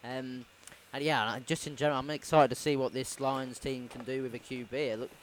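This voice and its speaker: A man co-hosts a sports podcast in relaxed chat, at a middling pitch. He hedges with ums and wry asides as he makes his points. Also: fairly quick, a little hiss or hum. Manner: hesitant, filler ums, wry. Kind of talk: casual chat.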